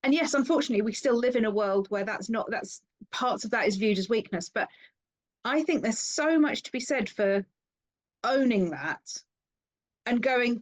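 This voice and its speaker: A woman hosts an interview and shares her views with earnest conviction. Her voice sits a little high. She sounds thoughtful and speaks conversationally. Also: animated, moderate pace, rough recording. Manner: earnest, reflective. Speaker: interviewer, host.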